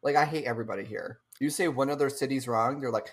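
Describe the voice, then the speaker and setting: A woman's voice: a bass voice, fast, hardly any pauses. A woman co-hosting a podcast in casual chat, chatty, laughing often and swearing when she rants. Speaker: podcast co-host. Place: lives in Massachusetts.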